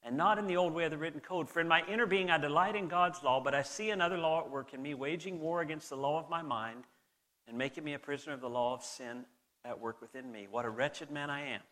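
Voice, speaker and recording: Middle-aged male pastor, softened Southern accent, slightly higher voice, earnest sermon delivery. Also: quick pace. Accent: Southern American, softened. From American South. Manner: earnest, reads scripture aloud, conversational asides with restarts.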